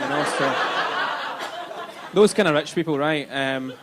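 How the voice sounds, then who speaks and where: A man's voice: a little high, a little slow, very noisy. A man with a Glaswegian Scottish accent doing a live stand-up set, chatty and sweary, checking in with the crowd. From Scotland, Glasgow. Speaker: stand-up comedian. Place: comedy club stage.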